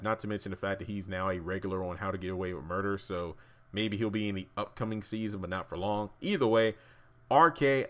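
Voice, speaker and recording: A man giving a casual fan-theory commentary on a TV drama, rambling and correcting himself, with wry asides. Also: on the low side. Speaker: YouTube TV commentator.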